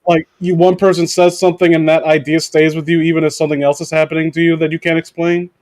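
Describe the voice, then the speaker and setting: A man hosting a casual podcast, reading aloud haltingly and joking around. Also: fairly high pitch, level tone, a little mellow, no room sound. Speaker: podcast host.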